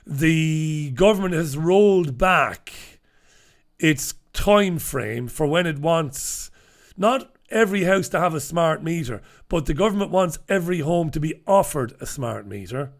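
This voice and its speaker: Middle-aged male host, slightly high voice, blunt, sweary, casual newspaper chat. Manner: blunt, swears freely, chatty asides. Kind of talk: casual opinionated commentary.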